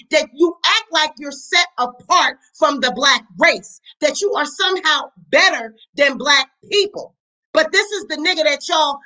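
A woman, talking high and bright. She gives a blunt, heated reaction commentary full of profanity, speaking straight into the mic. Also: rough recording. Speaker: commentary channel host.

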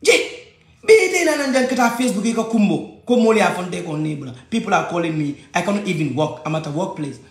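High-pitched agitated Gambian man in an echoey room. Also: animated, fast talker. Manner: agitated, switching languages, repeating points. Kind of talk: heated personal rant.

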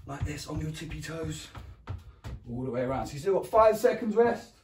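Upbeat English PE teacher, echoey room. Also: male voice, expressive, normal speed, soft background music. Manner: encouraging, counts down and praises often; makes animal noises, roars and squeaks. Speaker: primary school PE teacher. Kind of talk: home PE lesson for young children. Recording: echoey room, mic far away.

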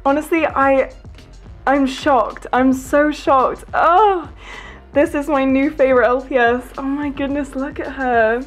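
A woman hosting a casual unboxing vlog, gushing and excitable with frequent gasps over her new toys. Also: high-pitched, a little slow, faint music behind. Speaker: toy collector vlogger.

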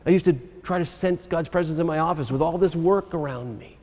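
A pastor with a slightly high, darkish voice speaks a little fast. In a church sanctuary with long hall reverb, he gives an earnest, personal sermon that mixes scripture reading with his own story.

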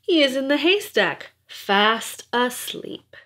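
A woman's voice: high voice, sing-song, slow pace, pushed and bright. A woman reading nursery rhymes aloud in a playful, rhythmic, sing-song way. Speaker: storyteller.

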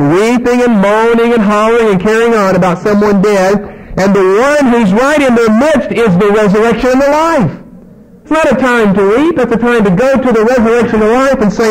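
A man with a high-pitched voice delivers a sermon. He preaches with strong emphasis, reads scripture aloud and puts on the voices of the people in the passage. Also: poor audio. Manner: emphatic preaching with scripture reading and acted-out dialogue.

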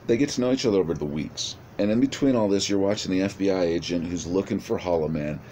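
A man casually pitching a movie idea in a rambling, profane monologue full of restarts. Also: a little mellow, a little hiss or hum.

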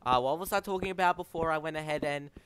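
A man's voice: a little high, quick pace, a little hiss or hum. A man streaming a game, chatting casually and rambling to his chat, calling them bro. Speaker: gaming streamer.

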